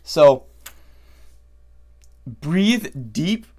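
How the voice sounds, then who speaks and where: A young man vlogging from his bedroom with brash, profane advice, calling the listener "bro" and swinging between mumbling and yelling. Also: a little high, very animated, very slow, husky. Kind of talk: ranting motivational vlog.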